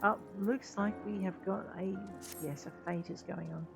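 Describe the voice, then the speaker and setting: A woman's voice: on the low side, steady tone, moderate pace, creaky, faint music behind. A woman giving casual, chatty commentary while she plays a game, joking at her own expense. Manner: chatty, self-deprecating, laughing. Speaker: gameplay streamer. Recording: dull lo-fi sound.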